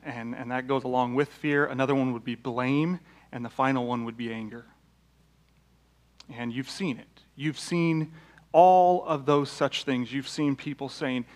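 A man preaching a sermon, telling illustrative stories in a conversational way, with fillers and restarts. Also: medium pitch. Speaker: pastor. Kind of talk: sermon with storytelling.

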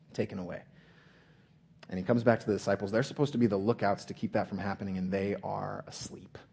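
Male preacher, earnest sermon delivery; low, husky, mellow tone. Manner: earnest, slows and drops to a hush for emphasis.

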